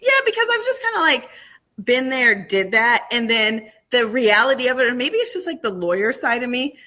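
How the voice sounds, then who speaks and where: A woman with a bright, clear voice chats as a podcast guest. She tells her stories with animation and breaks into laughter often. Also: a little high, big pitch swings, moderate pace. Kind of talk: casual interview chat.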